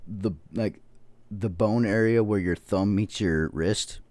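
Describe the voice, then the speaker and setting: A man's voice: on the low side, takes it slowly, darkish tone, dry recording. A man in his thirties, a podcast host, telling rambling stories in casual chat and swearing often. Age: 30s. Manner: rambling storytelling, heavy swearing.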